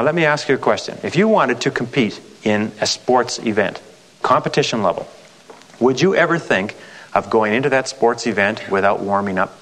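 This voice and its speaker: A man's voice: medium pitch, fairly bright tone. A man leading a motivational sales seminar as a sales trainer, emphatic and repetitive, often asking the audience rhetorical questions.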